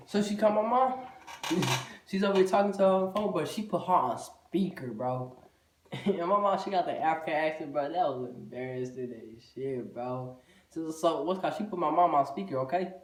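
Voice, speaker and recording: A vlogger with a fairly high-pitched voice tells a loose, profane storytime, dropping "bro" into almost every sentence. He sits far from the mic in an echoey room, with slight background noise.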